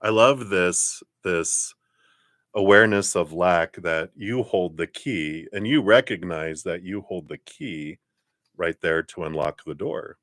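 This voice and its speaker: A man giving a live tarot card reading, lively and chatty, often clearing his throat and acting out other people's lines. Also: slow pace, dry recording, clean studio sound. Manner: animated, acts out other people's lines in high voices.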